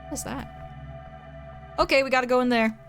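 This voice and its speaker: A woman's voice: sits high, a little fast, gravelly, a bit bright, faint music behind. A woman streaming a video game, chatting playfully and swearing casually as she plays. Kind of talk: casual let's-play commentary.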